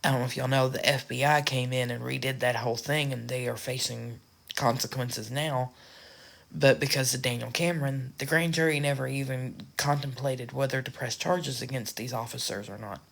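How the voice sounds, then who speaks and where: A woman's voice: a bass voice, fairly even intonation, normal speed, gravelly. A woman from the United States talking frankly and ramblingly in a casual vlog. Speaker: social media creator.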